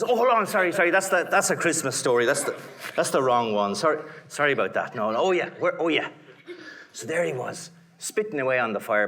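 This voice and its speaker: A man with an Irish accent telling a folk tale to a live audience in a playful, theatrical way, dropping to whispers and rising to shouts. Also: medium pitch. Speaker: storyteller. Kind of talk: animated storytelling to a live audience.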